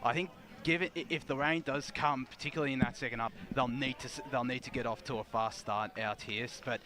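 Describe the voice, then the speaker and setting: A man weighing up the game on radio, earnest and halting. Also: mid-range voice, steady tone, bright, forceful tone. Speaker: radio football commentator. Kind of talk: pre-match radio chat.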